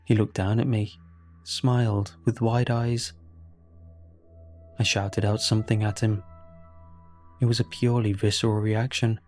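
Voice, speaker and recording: A man tells a horror story in a slow, deliberate, grave voice that sits a little low. Every line is scripted narration, unhurried and measured. Quiet music hums faintly behind him. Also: little pitch movement. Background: faint background music.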